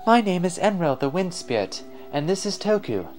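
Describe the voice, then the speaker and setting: Man putting on a soft female wind spirit, high raised pitch, earnest, game voice. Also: sing-song, normal speed, soft background music. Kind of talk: let's play voice-over.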